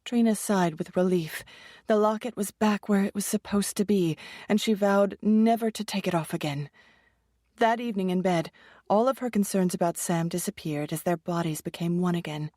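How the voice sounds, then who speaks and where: A female audiobook narrator reads scripted narration at a moderate pace in a medium-pitched, dark-toned voice. The sound is dry and close, with no echo.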